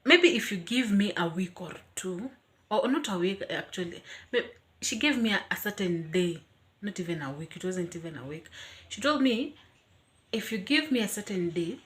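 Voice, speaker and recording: A young woman telling a personal story in a casual vlog, animated and expressive, often acting out her own reactions. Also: fairly low pitch, normal speed. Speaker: vlogger.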